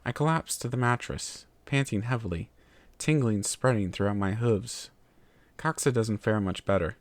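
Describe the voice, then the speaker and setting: Low-voiced man reading a story. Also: no echo. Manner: steady, measured narration. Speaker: story reader. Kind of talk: narrated fan fiction reading.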